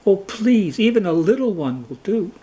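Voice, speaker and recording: A high, whining male lion king from a cartoon folktale, weak with hunger and pleading for food, put on by a male storyteller. His voice sits well above the narrator's own. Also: animated, measured pace, a little mellow, poor audio. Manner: high, whiny and begging.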